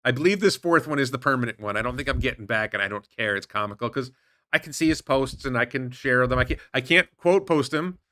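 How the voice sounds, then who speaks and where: A man hosts an online stock show, reacting to posts with indignant, rambling commentary. His voice is bright and forward, mid-pitched, and the recording is close and dry with no room sound. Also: fast talker, no room sound. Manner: animated, indignant, rambling with restarts. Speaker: stock market show host. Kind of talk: casual commentary reading posts aloud.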